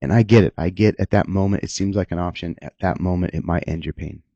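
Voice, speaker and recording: A middle-aged man, a police officer, talking earnestly and emotionally about the job, halting and restarting at times. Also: low-pitched, vocal fry, mellow, no echo, lo-fi sound. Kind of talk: candid personal talk.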